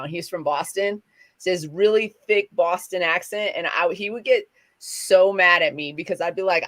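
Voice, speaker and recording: A middle-aged woman chats casually on a talk show, rambling from one thought to the next. Her voice sits a little low, and she keeps correcting herself as she talks. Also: fairly quick, a bit bright. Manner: chatty, rambling, self-correcting. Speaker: co-host. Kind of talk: casual chat.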